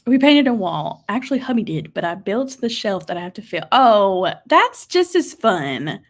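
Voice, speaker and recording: Chatty livestream host, young woman, animated comment reader. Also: medium pitch, normal speed. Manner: bubbly, reads viewer comments aloud and reacts. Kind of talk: casual livestream chat reading comments.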